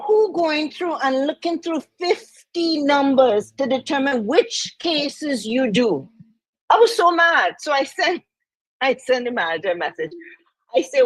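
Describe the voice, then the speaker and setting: A woman co-hosting a podcast, chatting in an animated, indignant way and laughing often. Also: high-pitched, dry recording, rough recording. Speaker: podcast co-host. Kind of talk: casual chat.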